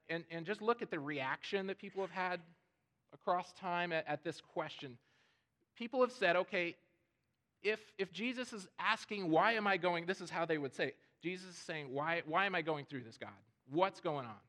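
A man's voice: a little high, fairly bright tone. A man preaching a sermon in an earnest way, often repeating words as he starts a phrase. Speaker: pastor.

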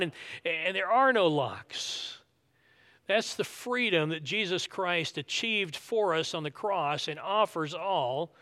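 A man's voice: high-pitched, pushed and bright. A man preaching a sermon, earnest and emphatic, repeating his key points. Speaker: pastor.

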